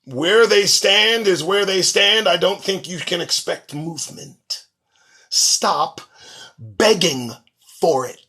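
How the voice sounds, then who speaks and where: This show host speaks slowly in a high, sharp voice. He reads headlines on his own and follows each with a profane, sarcastic rant.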